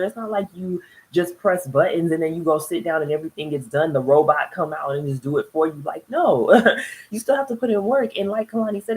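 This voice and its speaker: A woman with a low voice talks through a TV episode in a relaxed video review. She is chatty and animated, laughs often, and drops into quick impressions of the people she describes. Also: low-quality recording. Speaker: TV show reviewer. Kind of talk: casual video review chat. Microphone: solo video recording.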